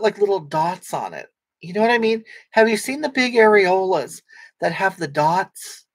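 A man performs a brash, crude middle-aged woman hosting a comic livestream, her voice breathy, halting, and pitched high. She rambles while reading chat comments aloud, repeatedly restarting sentences and taking offense at the slightest thing.

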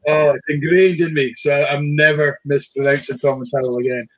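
A man's voice: fairly high pitch, steady tone, fairly quick, a bit bright, lo-fi sound. A man hosting a casual whisky chat, talking with frequent "um"s and restarts. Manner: hesitant, many fillers and restarts. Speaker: whisky shop host.

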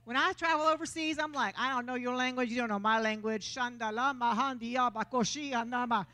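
Preaching in church with a Texan accent, a woman delivers a lively sermon in a conversational tone, playing out the quotes as she speaks. Her voice is high and her delivery fast.

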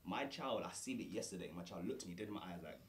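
A man's voice: low voice, animated, fast talker. A man, a parent talking firmly and matter-of-factly in a casual chat. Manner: firm, matter-of-fact, emphatic. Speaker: podcast guest, parent. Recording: roomy, distant mic, faint background hum.

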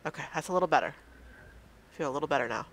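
A woman's voice: low-pitched, rapid-fire, slight background noise. A woman playing a horror game and commenting casually, nervous and self-mocking, talking to the game. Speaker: let's play gamer.

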